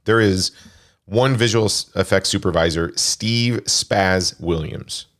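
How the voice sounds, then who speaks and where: A man's voice: sits low, takes it slowly, a bit bright. A man hosting a casual movie podcast, reading through crew credits with frequent fillers. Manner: reads film credits, chatty with frequent fillers. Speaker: podcast host.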